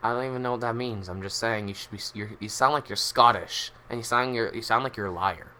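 A man hosting a podcast, teasing and questioning his guest in improvised comedy banter, quick to laugh. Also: mid-range voice, sharp tone, a little hiss or hum. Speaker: podcast host.

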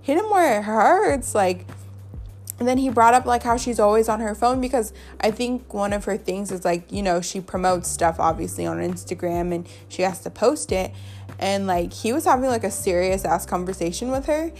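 Gossiping bluntly and swearing freely, a young female podcast host keeps the chat casual and leans heavily on "like." She has a mid-range, darkish voice at normal speed, over soft background music.

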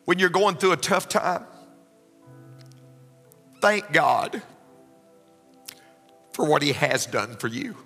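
A man's voice: a little high, lively intonation, slow pace, vocal fry, long pauses, a bit bright. A man preaching a sermon, emotional and building to fervent exclamations. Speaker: pastor. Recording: long hall reverb with faint music.

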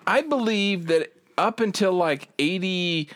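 Lively, argumentative male podcast co-host. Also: high-pitched, measured pace, no room sound. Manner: animated, argumentative, stammering restarts. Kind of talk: crude casual podcast banter.

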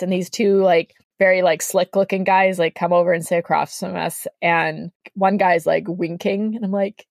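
Chatty Canadian woman with a gravelly voice. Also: on the low side, moderate pace, few pauses, dry recording, clean studio sound. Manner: animated, acts out quoted voices, heavy use of "like". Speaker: podcast guest. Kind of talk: casual storytelling.

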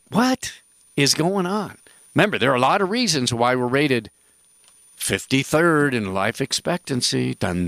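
Radio health host, male, gravelly, dry close sound, rambling and jokey. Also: mid-range voice, a bit bright, no echo. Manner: rambling, jokey, emphatic asides. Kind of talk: casual radio talk.

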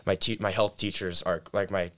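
Low-voiced young man telling a story. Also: level tone, normal speed, fairly bright tone. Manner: laid-back storytelling, heavy on "like" and "dude". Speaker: guest telling his story. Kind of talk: casual chat.

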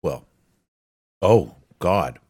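A man's voice: low voice, expressive, extremely slow, darkish tone, breathy edge, no echo, clean studio sound. A man co-hosting a wrestling podcast in casual chat, blunt and profane, laughing often. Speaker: podcast co-host.

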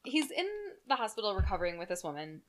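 A woman's voice: mid-range voice, animated, fast. A woman co-hosting a podcast, telling a true crime story in casual, profane, joking chat. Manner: chatty, profane, jokey storyteller.

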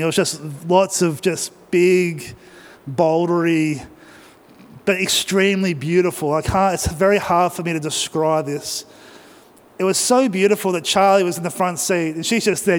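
A man's voice: sits high, steady tone, normal speed. An Australian man preaching, telling a personal travel story in a conversational way and speaking directly to the audience. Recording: long reverb of a large hall.

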